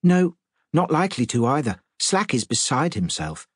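A man's voice: mid-range voice, very animated, normal speed, husky, no room sound, clean studio sound, voice pushed up. A man voicing a young policeman, earnest and matter-of-fact.

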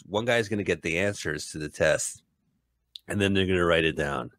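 A podcast host offers jokey, casual commentary over a movie, riffing on the film and slipping into playful voices. His voice is low and fairly bright, his pace moderate, and the recording dry.

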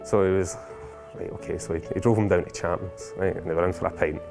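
A man telling a family anecdote in a lively, animated, chuckling way. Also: sits low, quick pace, gravelly. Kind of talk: casual storytelling. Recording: music behind.

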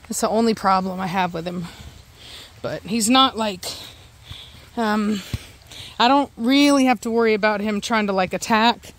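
A woman's voice: mid-range voice, moderate pace, pauses often. A woman vlogging casually outdoors in her yard, rambling and chatty as she does chores with her dogs. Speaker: dog owner vlogger. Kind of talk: casual narration while doing farm chores. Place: outdoors in a yard with a garden and livestock.

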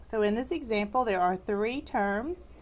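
A woman math teacher giving a recorded lesson. She explains patiently and slows down to stress key words, with a light, corny humor aimed at her students. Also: mid-range voice, animated.

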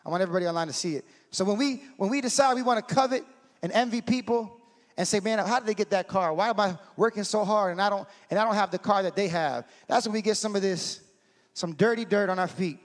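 Animated preacher man, high voice, hall reverb. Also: quick pace. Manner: animated, acts out scenes, swings from shouting to hushed. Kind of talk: sermon.

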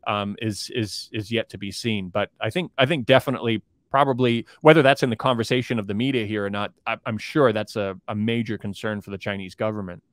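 A man in a podcast interview who talks rapidly, piling up fillers and restarts as he works through his thoughts. His voice sits at an ordinary pitch for a man. The sound is dry and close, with no room around it. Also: fairly even intonation, no echo. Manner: fast, rambling, with many restarts and fillers. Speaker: political commentator guest. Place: based in China.

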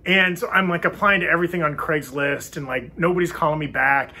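A man in his thirties co-hosting a casual chat, chatty and quick to laugh while telling stories. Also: fairly high pitch, fairly even intonation, sharp tone. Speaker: co-host.

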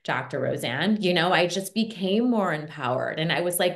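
A woman's voice: lowish voice, expressive, normal speed, few pauses, fairly bright tone. A woman hosting a podcast who talks in an emotional, rambling way, close to tears. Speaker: podcast host. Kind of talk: podcast interview. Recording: echoey room.

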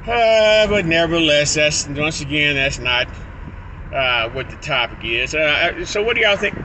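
A man's voice: on the high side, lively intonation, unhurried, sharp tone, slight background noise, low-quality recording. A man talking to his phone camera while driving, rambling with stuttered restarts and laughing asides. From Illinois. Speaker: vlogger. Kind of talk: casual vlog monologue. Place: in a car, driving.

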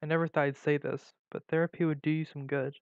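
A man's voice: fairly high pitch, flat delivery, fast, clear, resonant tone, no room sound, lightly acted. A man voicing a worried, caring teenage girl who pleads with her friend. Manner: concerned, pleading. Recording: dull lo-fi recording.

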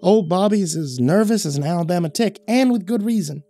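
A man's voice: high-pitched, lively intonation, warm tone, no echo, pitched above the performer's own voice. A man voicing a nervous, urgent man who hurries his companion along, in a spoken horror story. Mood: hushed. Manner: hurried, pressing.

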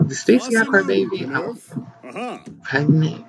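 A man casually commenting as he plays a life-sim game, chatty, excitable and gossipy, recorded on slightly dull lo-fi audio. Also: on the high side, moderate pace, crowd noise. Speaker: gaming channel host. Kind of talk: casual let's play commentary.

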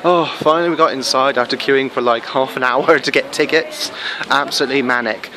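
A man chatting casually in a travel vlog, excitable and full of fillers, filming himself indoors and then outdoors on a handheld camera. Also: mid-range voice, a little fast, slight background noise. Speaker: travel vlogger. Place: hotel room, then outdoors at a castle.

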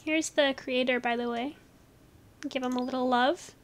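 A woman with a high, bright voice chats through a casual gameplay video. She gushes and talks quickly, with easy laughter. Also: steady tone. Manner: bubbly, gushing, quick with laughs. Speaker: gaming channel host.

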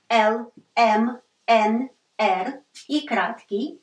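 Female teacher, slow and patient, roomy echo, mic set back. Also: medium pitch, fairly bright tone. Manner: patient, repeats sounds many times, apologizes for slips. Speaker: language teacher. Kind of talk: slow whiteboard lesson with repeated examples.

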